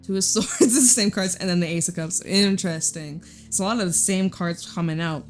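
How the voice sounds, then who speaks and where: A woman's voice: on the low side, a little fast, soft background music. A young woman giving a casual tarot reading, chatty and blunt, swearing freely and laughing often. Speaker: tarot reader.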